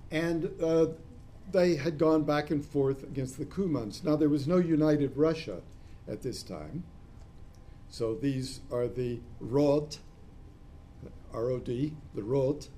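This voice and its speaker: A man with a mellow, warm voice gives a classroom lecture. He talks in a discursive way, adds asides, and spells out key terms letter by letter. There is a faint hiss behind him. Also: medium pitch.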